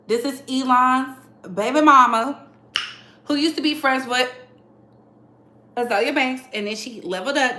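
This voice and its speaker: A woman talks through celebrity gossip in a sassy, emphatic way, often repeating a line for punch. Her voice sits high and sounds bright, with a roomy echo around it. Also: measured pace, long pauses. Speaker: commentary channel host. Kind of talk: casual celebrity gossip commentary.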